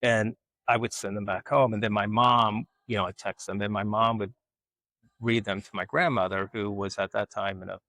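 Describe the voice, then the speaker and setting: Man, lowish gravelly voice, lively anecdotal interview guest. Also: moderate pace, no room sound. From Alabama, US. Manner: animated storyteller, acts out quoted voices. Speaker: guest, artist. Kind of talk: casual storytelling interview.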